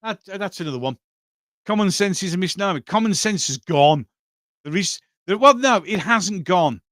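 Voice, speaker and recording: A man's voice: high voice, expressive, moderate pace, fairly bright tone, no echo, clean studio sound. A middle-aged man hosting a casual livestream chat, opinionated and emphatic, answering viewers' comments. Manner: emphatic, opinionated, repeats "exactly". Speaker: livestream host reading chat.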